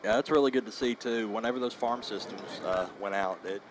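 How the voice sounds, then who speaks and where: Low-voiced sports commentator. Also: male voice, a little fast, background noise.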